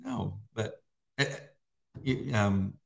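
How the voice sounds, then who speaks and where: A middle-aged man co-hosting a faith devotional, talking in a halting, emotional way with many fillers. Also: fairly low pitch, huge pitch swings, gravelly, darkish tone. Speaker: devotional co-host. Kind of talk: casual faith chat.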